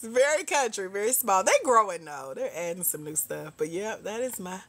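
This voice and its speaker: A woman's voice: mid-range voice, animated, a little fast, fairly bright tone. A middle-aged woman from Georgia, hosting a casual livestream chat with viewers. She laughs often and calls her viewers "girl" and "y'all.". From Georgia, US South. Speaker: host.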